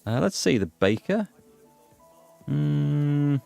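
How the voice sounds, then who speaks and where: A man's voice: on the high side, sing-song, slow, creaky, a little mellow, clean tone, faint music behind. A man hosting a gaming playthrough, chatting, joking and thinking aloud. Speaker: gaming host. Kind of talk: let's play commentary.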